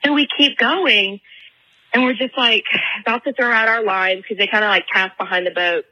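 Young woman caller, very bright husky voice, chatty storyteller full of fillers. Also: medium pitch, moderate pace, rough recording. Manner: chatty, filler-heavy, animated retelling.

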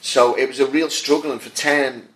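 A man's voice: medium pitch, fairly even intonation, normal speed, fairly bright tone. A middle-aged man with a Liverpool accent, an actor talking earnestly about his career while sitting at a table on the top deck of a bus. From Liverpool, England. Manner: earnest, reflective storytelling. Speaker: actor guest. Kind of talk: casual chat.

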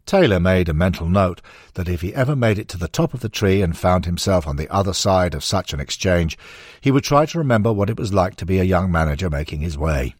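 A man narrating a sports history audiobook in a measured storytelling manner. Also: sits low, expressive, no room sound, clean studio sound.

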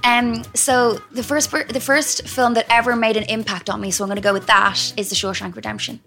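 A woman's voice: on the high side, fairly even intonation, brisk, vocal fry, fairly bright tone, faint music behind. A woman with an Irish accent, co-hosting a podcast in casual chat, chatty and self-deprecating, laughing easily. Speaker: podcast co-host.

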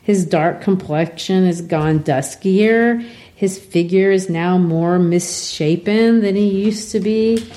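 Woman teacher, class literature lesson, lively casual retelling. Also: lowish voice, slow.

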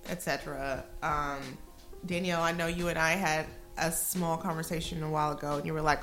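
A woman's voice: deep voice, fairly even intonation, fairly quick, fairly bright tone, soft background music. A woman hosting a casual podcast chat, blunt and joking, swearing freely. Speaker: podcast host.

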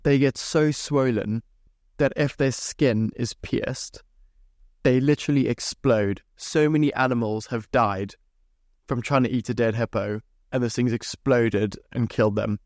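A man's voice: medium pitch, unhurried, darkish tone, dry recording, studio quality. A young man from Zimbabwe hosting a podcast, telling rambling, chatty stories with casual swearing. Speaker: podcast host. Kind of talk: casual storytelling monologue.

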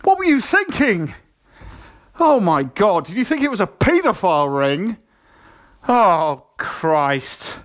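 A man's voice: high-pitched, big pitch swings, takes it slowly, fairly bright tone, highs cut off, exaggerated voice. An actor playing an exasperated man scolding a friend over the phone, stammering as he goes. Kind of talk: comedy sketch acting.

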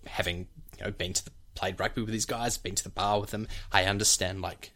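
A man's voice: fairly low pitch, steady tone, a little fast, pushed and bright. A young man co-hosting a podcast. He explains at length in a casual chat, with many fillers like "like" and "you know". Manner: breaks off to demonstrate accent sounds. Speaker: podcast co-host, actor.

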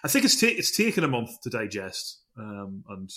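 A man's voice: on the low side, big pitch swings, normal speed, a bit bright. A man co-hosting a podcast in casual chat, rambling and self-deprecating, laughing often. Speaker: podcast co-host.

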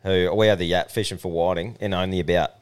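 A man's voice: low-pitched, steady tone, fast, smooth. A man with an Australian accent co-hosting a podcast, telling crude, laid-back yarns in casual banter. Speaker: podcast co-host.

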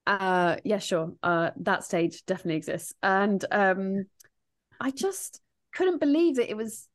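A woman guest on a podcast talking in a casual interview chat, rambling and animated, laughing often and swearing freely. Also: mid-range voice, measured pace. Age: adult, grieving since 1998. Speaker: guest, grief podcast host and author.

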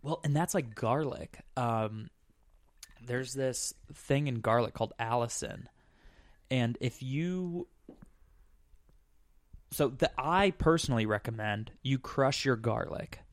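A man's voice: mid-range voice, slow pace, pauses often, no echo. Male podcast host, mid-range voice, rambling and casual, peppers his talk with fillers; dry, close recording. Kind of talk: casual chat.

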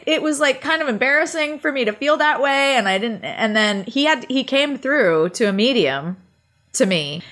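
A woman's voice: medium pitch, fairly bright tone. A woman chatting casually on a podcast, emphatic and swearing freely as she acts out what people said.

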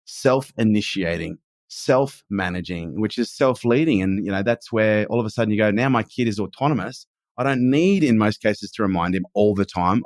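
A man's voice: fairly low pitch, dry recording. A man, in his forties, talking earnestly as a podcast guest in casual conversation. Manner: earnest and emphatic, swears casually.

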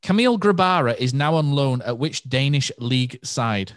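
Brisk, jokey male quizmaster with a dry sound. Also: medium pitch, lively intonation, no room sound. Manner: brisk, jokey, reading questions aloud. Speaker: quizmaster, podcast host. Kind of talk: casual quiz hosting.

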